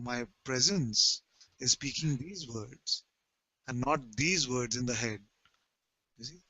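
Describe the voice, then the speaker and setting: A man leading a satsang, speaking slowly and emphatically as a spiritual teacher who gently repeats his points. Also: mid-range voice, no echo. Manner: slow, emphatic, gently repetitive.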